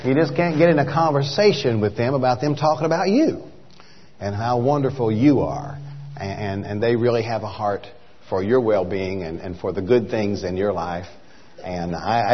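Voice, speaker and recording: Folksy Oklahoma preacher in a hall. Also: male voice, fairly low pitch, moderate pace. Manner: folksy, repeats words, builds to emphatic rhythmic points. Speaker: traveling minister. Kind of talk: sermon. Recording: dull lo-fi church hall recording.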